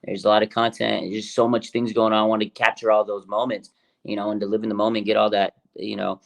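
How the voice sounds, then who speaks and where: A man hosting a fan livestream, talking casually in an excited, rambling way with many fillers and restarts. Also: on the low side, quick pace, creaky. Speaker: fan show host.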